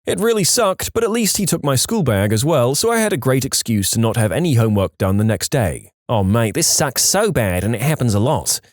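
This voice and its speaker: A man narrating online stories with a very lively, bouncing delivery, his pitch rising and falling widely. He speaks into a close, dry mic with no room sound at all. The reading is animated, and he acts out the quoted lines in a raised voice. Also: brisk, hardly any pauses, no echo. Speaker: story narrator.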